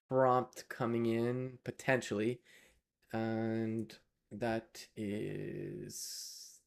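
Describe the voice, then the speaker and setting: A man talks his way through code on a live stream, unhurried and with a gravelly edge to his voice. He thinks aloud, narrates each small step, and turns now and then to chat with viewers. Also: mid-range voice. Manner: thinks aloud while coding, chats with viewers. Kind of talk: casual live-coding stream talk.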